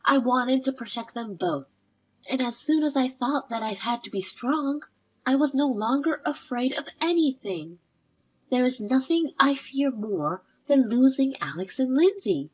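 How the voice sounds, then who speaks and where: A woman narrating a scripted story in a measured, expressive way. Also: high-pitched, breathy edge. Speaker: narrator voicing the wife.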